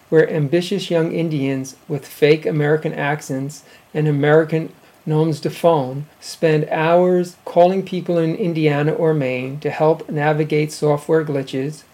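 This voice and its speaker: A man hosting a community radio show, reading a news article aloud in a measured, formal way. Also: on the high side, mellow. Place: radio studio.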